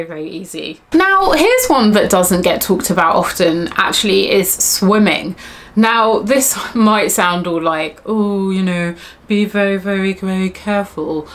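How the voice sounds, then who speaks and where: A woman's voice: medium pitch, a bit bright. Chatty young woman sharing travel tips. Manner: chatty, candid, lots of "like" and asides. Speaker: travel blogger. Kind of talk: casual travel tips vlog.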